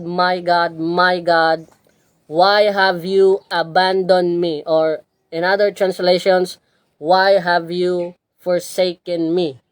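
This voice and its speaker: A woman's voice: lowish voice, no room sound. A woman with a Filipino Cebuano accent giving a religious lecture, repeating key words and checking in with "okay?" as she goes. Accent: Filipino, Cebuano-speaking. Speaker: religious teacher.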